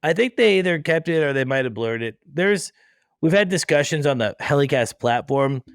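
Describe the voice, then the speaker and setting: A man's voice: fairly high pitch, lively intonation, normal speed, smooth, no echo, studio quality. A man hosting a podcast, chatting casually in a rambling, self-deprecating way. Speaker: podcast host. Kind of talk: casual interview chat.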